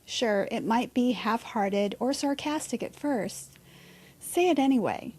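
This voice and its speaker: A woman's voice: fairly high pitch, lively intonation, unhurried, darkish tone, breathy edge. A woman hosting a reflective solo podcast, talking candidly and conversationally with a bit of mild swearing. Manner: candid, conversational, mildly profane. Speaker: podcast host.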